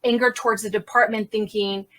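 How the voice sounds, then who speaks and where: A woman crime scene investigator telling her story as an interview guest, animated and quick, acting out the dialogue she recalls. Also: a little high. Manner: animated, fast-talking, reenacts dialogue. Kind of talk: candid conversational storytelling.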